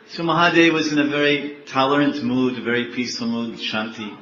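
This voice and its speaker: A man gives a lively sermon as a monk, telling stories and asking his listeners questions. His voice is mid-pitched and sounds muffled and dull. It echoes around the room, with faint noise behind it. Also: brisk, few pauses. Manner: lively, asks the audience questions, acts out characters. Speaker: monk giving a talk. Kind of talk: sermon with acted storytelling.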